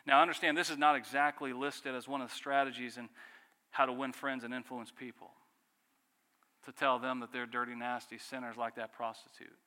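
A man preaching a sermon with earnest rhetorical questions, often dropping to a quiet, emphatic tone. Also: medium pitch, steady tone, a little fast. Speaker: pastor. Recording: long hall reverb.

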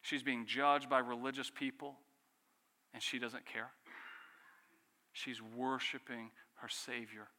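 A man with a bright, forceful voice preaches a sermon. He presses the listeners with rhetorical questions and lets key phrases fall quiet. A long reverb hangs behind him, as in a large hall. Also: mid-range voice, flat delivery, slow pace, long pauses. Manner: earnest preaching with rhetorical questions and dramatic drops in volume. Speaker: pastor.

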